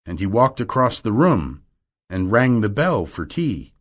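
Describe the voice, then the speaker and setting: Slow, deliberate male narrator. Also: fairly low pitch, sing-song, fairly bright tone. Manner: clear and deliberate. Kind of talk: audiobook reading for English learners.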